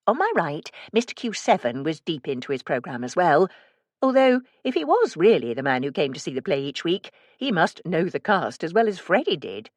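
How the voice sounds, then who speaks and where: A woman narrating a first-person cozy mystery audiobook in a measured storytelling manner. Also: lowish voice, big pitch swings, dry recording.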